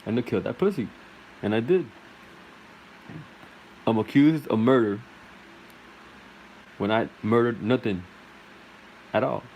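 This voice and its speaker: A man's voice: medium pitch, unhurried, pauses often, a little mellow, a little hiss or hum, low-quality recording. A man telling a crude comic story in a rambling way, full of fillers and laughter.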